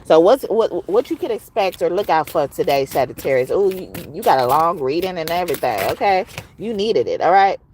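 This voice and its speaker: A woman giving a casual, expressive tarot reading, at times reciting rhymes. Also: on the low side, brisk, a little hiss or hum. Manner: expressive, chatty, rhyming recital. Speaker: tarot reader.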